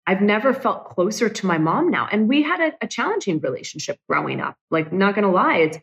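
A woman's voice: mid-range voice, very animated, fairly quick, poor audio. A woman hosting a solo podcast, talking candidly and emotionally with frequent "like" fillers. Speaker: podcast host.

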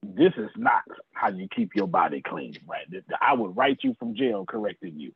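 Fiery husky-voiced man preaching sales. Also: on the low side, huge pitch swings, normal speed, no echo. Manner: fiery, talks straight to listeners by name, swears. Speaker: sales trainer. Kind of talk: animated preacher-like teaching. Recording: tinny phone-like video call audio.

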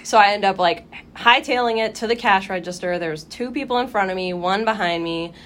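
A young woman co-hosting a podcast, telling a story in casual chat, animated, swearing freely and acting out her own reactions. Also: medium pitch, fairly quick. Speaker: podcast co-host.

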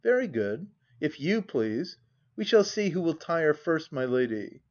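A man's voice: a little high, very animated, a little slow, a little mellow, lo-fi sound. A man reading the part of a dissolute husband who blusters, swears and mocks. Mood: insolent. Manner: blustering, mocking.

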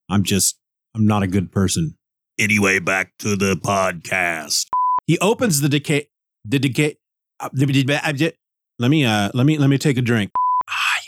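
A man hosting a podcast in a casual, rambling monologue, goofy and quick to joke at his own expense. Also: medium pitch, dry recording, studio quality. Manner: goofy, rambling, jokes at himself. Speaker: podcast host.

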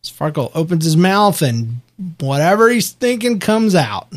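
Rambling, animated man podcaster. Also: a little high, moderate pace. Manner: rambling, animated, frequent restarts. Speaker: podcast co-host. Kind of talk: casual show recap chat.

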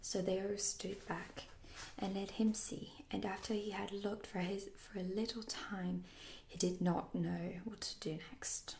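A woman whispering a fairy tale aloud as a soft-spoken ASMR storyteller. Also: mid-range voice, little pitch movement, unhurried, vocal fry, a little hiss or hum. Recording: roomy echo.

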